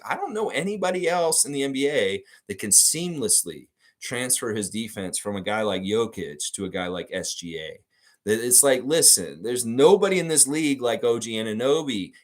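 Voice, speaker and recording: A man hosting a live sports fan show, talking in a casual, emphatic and blunt way with frequent cursing. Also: fairly low pitch. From United States. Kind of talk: casual live stream commentary.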